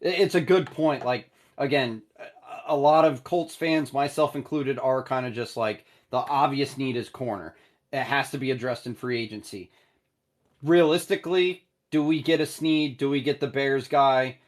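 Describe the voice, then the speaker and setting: A man of ordinary pitch hosting a casual live call-in show. He talks bluntly and with energy, with sudden jumps up and down in pitch and the odd swear word. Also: moderate pace. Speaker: host of a call-in fan show.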